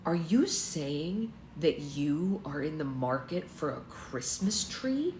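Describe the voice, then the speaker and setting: A woman's voice: deep voice, animated, takes it slowly, darkish tone. A woman reading aloud as a baffled, teasing male tree farmer in a romance novel. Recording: echoey room, faint background noise.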